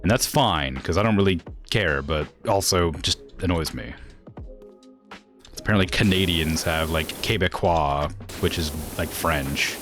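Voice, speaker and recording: A man's voice: sits low, unhurried, fairly bright tone, soft background music. A man with a northwestern US accent, chatting casually as a game streamer, rambling with many fillers and laughing asides. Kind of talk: casual stream chat while gaming.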